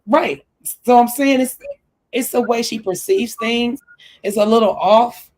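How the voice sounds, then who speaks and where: A woman with a slightly high voice chats through a reality TV recap. She is animated and slips into put-on voices when quoting others, casual and conversational. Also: measured pace. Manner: animated, acts out quotes in shifting voices.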